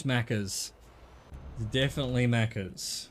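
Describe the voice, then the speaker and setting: A man's voice: mid-range voice, expressive, moderate pace, a little hiss or hum. A middle-aged man with an Australian accent, streaming a game and chatting casually, rambling and correcting himself as he goes. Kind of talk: casual chat while gaming.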